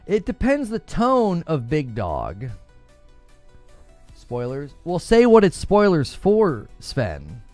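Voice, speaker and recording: Joking and laughing often, a gaming streamer reads chat and talks casually with viewers about slang, quoting it in mock-tough voices. His voice is mid-range and a little mellow, recorded without echo.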